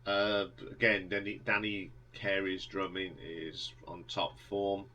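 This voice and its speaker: A man's voice: sits low, fairly even intonation, slow, bright, forceful tone, low-quality recording. A man talking casually as he ranks a band's albums, rambling with many ums and restarts, enthusiastic. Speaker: music reviewer. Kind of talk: casual album review monologue.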